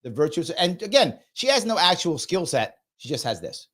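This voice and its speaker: A male political commentator reacting live, with a sarcastic, mocking edge. His pitch swings widely, rising sharply on his punchlines. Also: big pitch swings, moderate pace, fairly bright tone. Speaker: host of a political commentary show.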